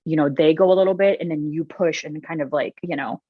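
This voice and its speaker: Low-voiced chatty woman guest. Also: a little fast, dry recording, phone-quality sound. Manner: chatty, many fillers, gets emotional when telling stories. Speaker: podcast guest. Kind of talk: casual interview storytelling.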